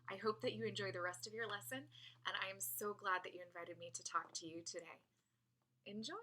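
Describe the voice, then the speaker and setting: A woman yoga instructor calmly explaining a greeting as a guest speaker. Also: mid-range voice, normal speed, long pauses, slight background noise. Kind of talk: gentle explanatory talk. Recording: provided video footage.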